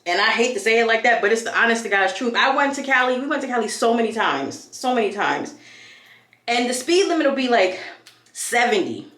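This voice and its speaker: A woman's voice: fairly high pitch, lively intonation, brisk, a bit bright, echoey room. A young woman from New York chatting casually as a vlogger while she does her hair, hyped and full of tangents. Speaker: beauty vlogger.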